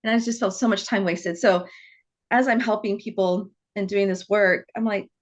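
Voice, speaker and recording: A woman in her forties, a psychic medium, telling her story on a podcast in an animated way and acting out the dialogue. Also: mid-range voice, moderate pace, highs cut off.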